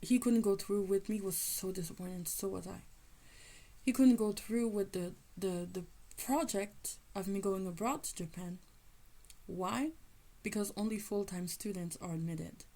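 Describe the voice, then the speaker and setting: A woman shares a personal testimony of faith, telling it with lively, animated storytelling. She slips into the voices of the people in her story as she goes. Her voice sits at a middle pitch for a woman. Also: normal speed, poor audio. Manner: animated, acts out quoted people. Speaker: faith teacher sharing a testimony.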